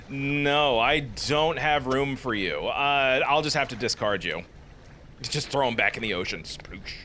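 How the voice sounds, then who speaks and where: A man hosting a casual let's play, giving animated, jokey commentary on a video game. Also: mid-range voice, takes it slowly, a little hiss or hum. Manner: animated, jokey, self-deprecating.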